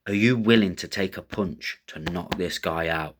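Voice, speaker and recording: Blunt low-voiced man talking fights. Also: moderate pace, few pauses, fairly bright tone. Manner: blunt, rambling, coarse. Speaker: MMA betting tipster host. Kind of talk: casual predictions commentary.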